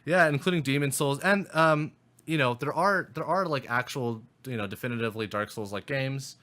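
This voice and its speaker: A young man in the middle of a casual gaming podcast, with an ordinary mid-pitched voice. He talks in quick bursts, swears freely, and often stops to restart his sentences. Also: bright, forceful tone. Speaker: podcast co-host.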